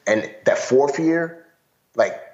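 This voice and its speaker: Man, podcast guest, animated storyteller, heavy fillers, roomy muffled sound. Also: mid-range voice, takes it slowly. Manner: animated, frequent "you know" fillers. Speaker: guest, author. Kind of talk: casual storytelling conversation.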